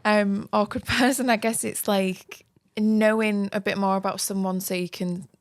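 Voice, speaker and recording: A woman's voice: medium pitch, steady tone, normal speed, dry recording, studio quality. A woman co-hosting a casual podcast, hesitant and full of fillers as she gathers her thoughts. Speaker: podcast co-host.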